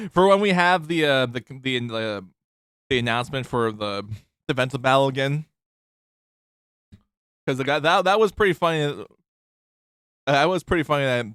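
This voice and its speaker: A man's voice: medium pitch, fairly bright tone, clean tone, no echo, studio quality. A man streaming a game who reads the story text aloud and chats in a rambling way, laughing easily. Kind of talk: casual play-along narration of a visual novel.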